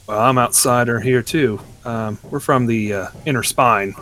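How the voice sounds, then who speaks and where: A man voicing a gruff, blunt male dwarf merchant in a tabletop game. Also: medium pitch, measured pace, bright, forceful tone, slight background noise. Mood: explaining.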